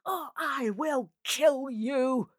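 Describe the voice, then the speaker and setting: A woman's voice: mid-range voice, lively intonation, a little slow, dry recording, clean studio sound. A woman voicing a cruel wicked stepmother who screams threats in a storybook. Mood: threatening.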